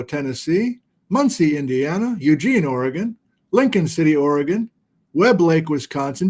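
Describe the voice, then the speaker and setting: A middle-aged man hosting a casual livestream, chatting in a self-deprecating way and reading out where viewers are watching from. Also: on the high side. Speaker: livestream host. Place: home studio with document camera.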